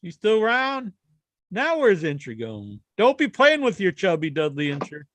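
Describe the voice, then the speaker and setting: High, lively, crude-joking podcast man. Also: moderate pace, dry recording. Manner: crude, joking, profane banter. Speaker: podcast host. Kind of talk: casual wrestling podcast chat.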